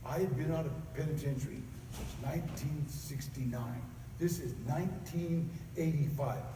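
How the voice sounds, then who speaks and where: A man telling stories in a talk, lively and laughing often, acting out other people's voices. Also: fairly high pitch, moderate pace, a little hiss or hum. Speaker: keynote speaker. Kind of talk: storytelling talk. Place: large convention hall. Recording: echoey hall recorded from far off.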